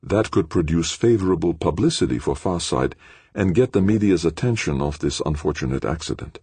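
A man's voice: sits low, animated, brisk, warm tone, breathy edge, dry recording, voice pushed up. A man voicing an eager, self-focused male scientist who talks earnestly.

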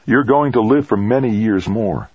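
A man voicing an earnest young grandson who speaks quietly and tightly. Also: lowish voice, moderate pace, slightly rough, dry recording, pitched above the performer's own voice. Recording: dull lo-fi dry recording.

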